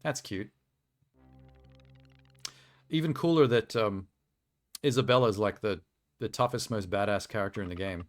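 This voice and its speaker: Low-voiced man chatting over a game stream. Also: moderate pace, long pauses, soft background music. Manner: chatty, rambling, self-deprecating asides. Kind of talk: casual live-stream commentary.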